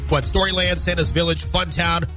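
A man hosting a morning radio show, talking in a bright, upbeat patter with a nasal, stuffed-up tone. His voice sits a little high, and faint music plays under him in the studio. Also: flat delivery, a little fast. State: congested.

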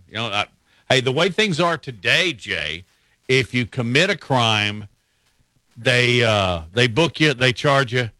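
A man's voice: mid-range voice, bright, forceful tone, dry recording. A man hosting a casual sports talk show, folksy and opinionated, laughing easily. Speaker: sports radio host.

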